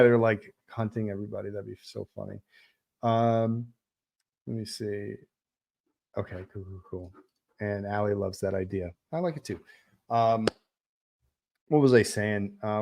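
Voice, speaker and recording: A man's voice: on the low side, a little mellow. A middle-aged man, a film director, chatting casually on a livestream and answering viewer questions, rambling with lots of fillers. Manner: rambling, many fillers and restarts.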